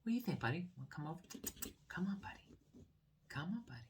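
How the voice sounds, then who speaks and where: A man, a teacher, reading a picture book aloud to children in a gentle, coaxing way with soft whispered asides. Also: on the high side, big pitch swings, fast talker, background noise.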